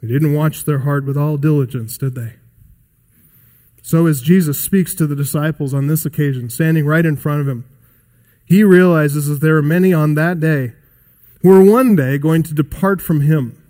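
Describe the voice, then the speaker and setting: A man delivering a sermon in a somewhat high voice. He preaches emphatically, swelling and then falling quiet, and keeps putting pointed questions to his listeners. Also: moderate pace. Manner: emphatic, rising and dropping in pitch and loudness; asks the congregation rhetorical questions.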